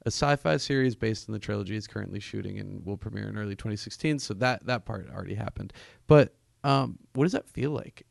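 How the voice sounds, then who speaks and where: A man's voice: fairly low pitch, fast talker, creaky, few pauses, no room sound, clean studio sound. A man hosting a podcast, asking loose, chatty questions with plenty of fillers. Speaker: podcast host. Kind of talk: casual interview conversation.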